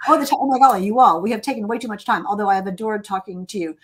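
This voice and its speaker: A woman hosting an author interview, talking in an effusive, animated way and reading out audience questions. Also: mid-range voice, racing. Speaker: interview host. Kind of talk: conversational interview.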